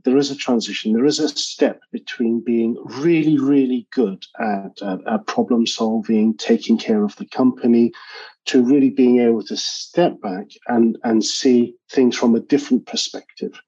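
A man's voice: medium pitch, mellow, husky, highs cut off. A man talking as a podcast guest, earnest, often repeating words as he thinks aloud. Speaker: guest, engineering manager. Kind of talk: podcast interview.

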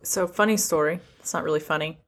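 A woman with a slightly low voice hosts a relaxed podcast conversation. She keeps things moving with questions and easy, friendly remarks. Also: fast. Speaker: podcast host. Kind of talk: casual podcast chat.

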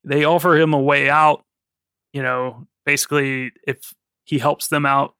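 Bright-voiced man recapping a film, swearing freely. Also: mid-range voice, flat delivery, measured pace, clean tone, no room sound, clean studio sound. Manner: swears freely while retelling plots, laughs often. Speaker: podcast co-host. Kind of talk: casual film recap chat.

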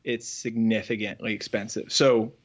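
A man, a former farrier, candidly telling his story as an interview guest, earnest and halting with frequent restarts. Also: lowish voice, flat delivery, breathy edge. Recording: slightly dull lo-fi audio.

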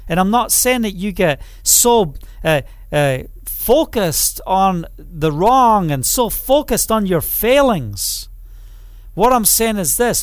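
A man preaching a sermon with fervor, calling out hallelujah and amen, rising to loud proclamation and dropping to quiet, low passages. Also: sing-song, takes it slowly, no room sound. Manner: fervent, repeats phrases, calls out hallelujah and amen.

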